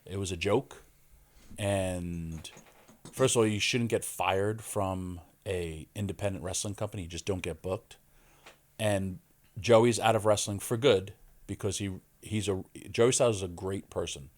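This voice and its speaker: A man with a somewhat low voice, talking as a guest on a podcast. He tells stories in a loose, casual way. He jumps into the voices of the people in them and raises his voice for their lines. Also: a little slow. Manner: animated storyteller, acts out quoted lines. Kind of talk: casual interview storytelling.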